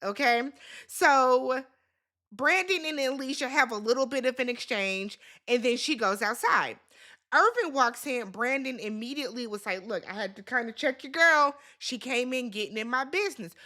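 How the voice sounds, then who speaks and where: A woman's voice: high voice, expressive, normal speed, sharp tone. A woman hosting a reality TV recap, talking in a casual, sassy, opinionated way straight to her viewers.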